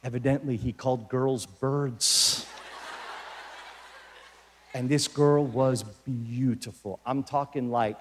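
A man doing stand-up, telling a story in an animated way and often checking in with "right?" asides. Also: mid-range voice, slow pace, pauses often, a little hiss or hum. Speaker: comedian.

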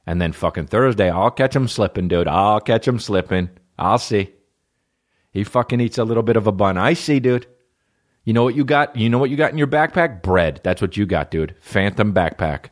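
Talking fast in a lowish voice, this man delivers a solo comedic podcast rant. His storytelling is animated and profane, and he performs the other characters' lines himself.

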